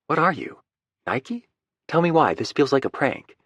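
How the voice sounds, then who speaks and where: Male narrator voicing a jittery young mother, higher pitched, excitable, close and dry. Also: normal speed, breathy edge, no room sound, heavily acted. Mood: suspicious. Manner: excitable, anxious. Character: nervous, playful young mother, a woman.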